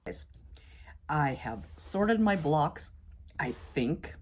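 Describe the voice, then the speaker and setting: A woman with a low-pitched voice talks her viewers through a quilting project as she works. She chats casually and frets over each step. Then she reassures herself that it will turn out fine. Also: animated, drawn-out words. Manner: chatty, self-doubting, talks to viewers as "you guys". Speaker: quilting vlogger. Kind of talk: casual talk-along while sewing.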